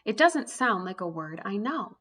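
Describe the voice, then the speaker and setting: A woman's voice: medium pitch, big pitch swings, normal speed, fairly bright tone, breathy edge. A woman teaching an early reading lesson to young children, sounding out letters one by one in an encouraging way.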